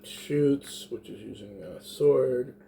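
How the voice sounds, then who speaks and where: A man thinks through his moves in a tabletop game, talking slowly in a mellow, dark voice. He plans aloud with pauses and fillers. A faint hum sits behind him. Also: medium pitch, vocal fry. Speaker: player.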